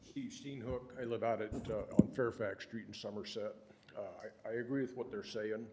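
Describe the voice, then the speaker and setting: Low-voiced hesitant man. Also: steady tone, noisy background. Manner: measured, hesitant with many fillers. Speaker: member of the public. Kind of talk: public comment at a county meeting.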